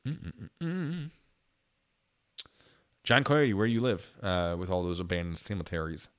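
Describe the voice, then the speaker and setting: A man's voice: sits low, expressive, brisk, a bit bright, clean tone. A man hosting a casual livestream, reading viewer comments aloud in a chatty, jokey way with frequent giggles. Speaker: channel host.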